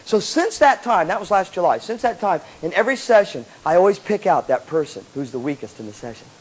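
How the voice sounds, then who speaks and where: Brief: high-voiced male speaker, animated storyteller, lively live seminar delivery. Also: brisk. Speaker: motivational speaker to student bands.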